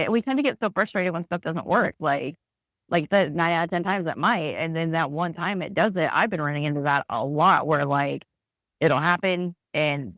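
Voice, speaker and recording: A woman's voice: low-pitched, fairly bright tone, no echo. A woman guest in a podcast interview, speaking candidly and reflectively with frequent restarts.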